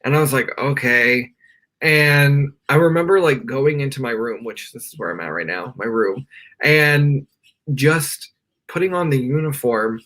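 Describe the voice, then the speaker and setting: A young man appears as a podcast guest on a remote call from his bedroom, candidly telling a personal story in a live interview. His mid-range, slightly bright voice moves at a measured pace, and his earnest, rambling talk is full of "like" fillers.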